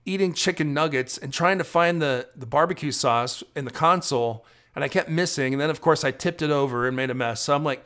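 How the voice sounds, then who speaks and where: A man's voice: on the high side, brisk, a bit bright, clear, resonant tone. A tired man chatting and rambling casually into his phone while driving his car at night. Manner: chatty, rambling, self-deprecating. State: tired, drowsy. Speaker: travel vlogger.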